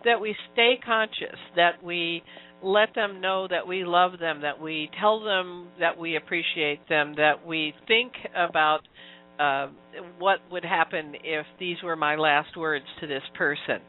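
Reflective host asking slow questions, phone-quality audio, faint music underneath. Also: medium pitch. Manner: thoughtful, asks long reflective questions. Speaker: interviewer, host. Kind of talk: casual interview talk.

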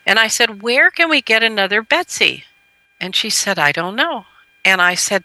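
A middle-aged woman, a parenting educator, telling a personal story as a radio interview guest in an earnest, gentle way. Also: lively intonation, moderate pace, no room sound, rough recording. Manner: earnest, gentle storyteller who lifts her pitch when quoting.

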